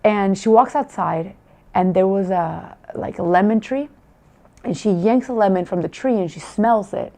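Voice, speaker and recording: A woman's voice: mid-range voice, normal speed, dark tone. Heartfelt woman telling a family story. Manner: emotional, heartfelt, with many restarts. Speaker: parent giving a testimonial. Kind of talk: personal testimonial storytelling.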